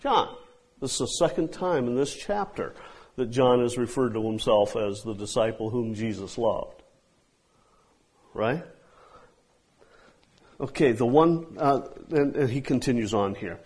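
Slow, husky male preacher. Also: medium pitch, darkish tone. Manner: emphatic, slow, drawn-out phrasing with pauses. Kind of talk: expository sermon.

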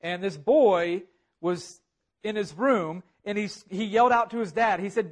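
A man's voice: sits high, moderate pace. A man preaching a sermon, earnest and repetitive, building emphasis on key phrases. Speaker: pastor.

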